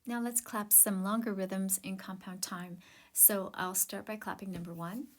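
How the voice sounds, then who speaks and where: A woman's voice: medium pitch, steady tone, normal speed. A woman music teacher giving an online rhythm lesson, explaining patiently and counting and chanting rhythm syllables aloud.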